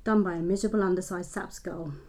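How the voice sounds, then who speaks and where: A woman's voice: medium pitch, expressive, fairly quick, warm tone, natural voice. A woman reading as a gloomy, bad-tempered older man. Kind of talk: reading a novel aloud.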